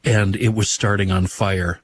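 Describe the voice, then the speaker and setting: A man hosting a talk radio show, telling folksy stories in a relaxed chat and laughing easily. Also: fairly low pitch, measured pace, breathy edge.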